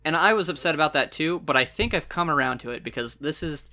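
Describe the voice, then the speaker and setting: Casual podcast host, rambling and excitable, laughs a lot, mid pitch. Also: fast. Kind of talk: casual chat.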